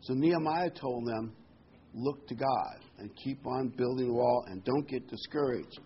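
A man delivers a folksy sermon. He tells corny jokes and pauses on frequent ums, at an everyday middle pitch. The recording sounds a little dull, with a faint hiss of room noise behind him. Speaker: preacher.

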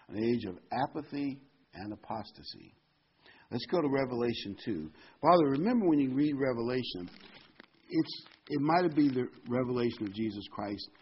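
A man preaching a sermon, reading scripture aloud and shifting between loud emphatic points and quiet asides. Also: on the low side, breathy edge. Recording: dull lo-fi recording.

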